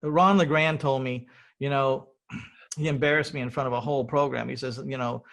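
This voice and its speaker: A man's voice: medium pitch, steady tone, moderate pace, creaky, a bit bright. A middle-aged man hosting an interview, telling his story in a rambling, earnest way and often repeating words. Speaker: podcast host.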